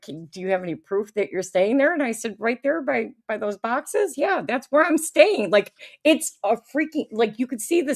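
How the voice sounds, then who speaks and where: A woman hosts a relaxed chat, telling a story with frequent laughter. Her voice sits a bit high and swings widely in pitch, lively and animated as she talks. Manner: laughing often while telling an anecdote. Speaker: podcast host.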